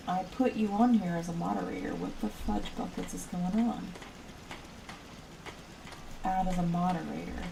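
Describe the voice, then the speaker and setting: A woman's voice: on the low side, a little slow, gravelly, pauses often, distant mic, background noise. A woman streaming a building game, rambling and giggling as she chats with her viewers. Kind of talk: casual chat while playing a building game.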